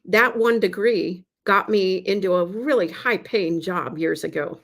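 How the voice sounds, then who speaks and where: A woman's voice: mid-range voice, a little slow, fairly bright tone. Earnest woman telling a story. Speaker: guest. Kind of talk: casual interview chat.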